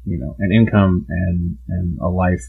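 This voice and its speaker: A young man talking casually as a podcast guest, halting, with lots of fillers and restarts. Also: low voice, fairly even intonation, creaky, husky, phone-quality sound. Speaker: guest artist and builder.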